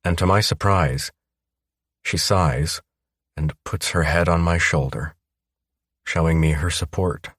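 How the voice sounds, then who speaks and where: A man reading a first-person audiobook in a steady, measured way. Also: sits low, slightly rough, no echo, clean studio sound. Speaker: audiobook narrator.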